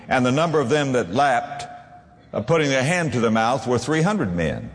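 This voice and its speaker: A man preaching a sermon as pastor, emphatic, swinging between low and high. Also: big pitch swings, normal speed, big-room sound.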